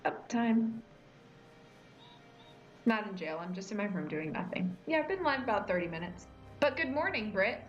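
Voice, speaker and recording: A woman's voice: mid-range voice, lively intonation, moderate pace, long pauses. A woman hosting a live gaming stream from her room, chatting and teasing her co-host. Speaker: livestream host. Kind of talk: casual chat while gaming. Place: home room. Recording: dull lo-fi stream audio with faint music.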